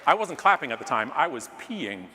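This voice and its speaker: A middle-aged man from Canada giving a comedic keynote, telling a story animatedly, acting out yelling voices, with jokey asides. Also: medium pitch, big pitch swings, a little fast, a crowd in the background. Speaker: keynote speaker. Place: large conference hall stage. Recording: long hall reverb, faint room noise.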